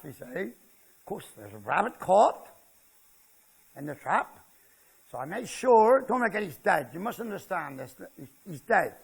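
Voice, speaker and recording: A man's voice: sits high, vocal fry, a bit bright, breathy edge. An older man with a West Country Devon accent, telling jokey country stories to a live audience and keeping them involved as he goes. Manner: chatty, jokey, keeps checking in with listeners. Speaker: author giving a talk. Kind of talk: humorous storytelling to a live audience. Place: festival talk before a seated audience.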